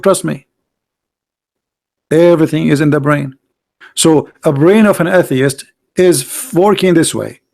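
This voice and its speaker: A man's voice: a little high, a little mellow. Emphatic, scornful man lecturing. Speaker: street debater. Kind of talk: argumentative monologue.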